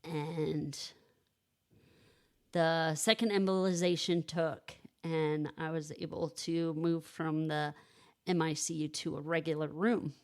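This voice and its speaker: A woman's voice: low voice, flat delivery, a little mellow. A woman in her thirties on a podcast, telling her own story casually, with many restarts and "like"s. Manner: halting, restarts, frequent "like" and "you know".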